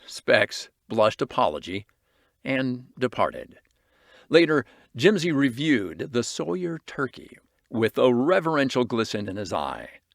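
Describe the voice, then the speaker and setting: Man narrating with a lively voice. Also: medium pitch, unhurried, vocal fry, no room sound, clean studio sound. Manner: expressive, varied reading. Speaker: audiobook reader. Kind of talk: storybook narration.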